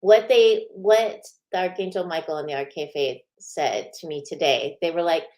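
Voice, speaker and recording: A woman's voice: sits low, normal speed, darkish tone. A woman hosting a spiritual show, chatting casually with many fillers and frequent laughs. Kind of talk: casual live-stream chat.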